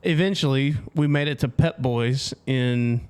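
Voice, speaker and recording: A man from the United States co-hosting a podcast, chatting casually and telling stories with quick asides. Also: mid-range voice, darkish tone, clear, resonant tone. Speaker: podcast co-host. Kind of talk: casual chat.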